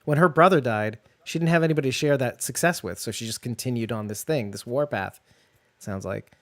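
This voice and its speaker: A man's voice: mid-range voice, brisk, a bit bright, no echo. A man co-hosting a casual discussion show, thinking aloud in loose, rambling sentences. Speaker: podcast co-host.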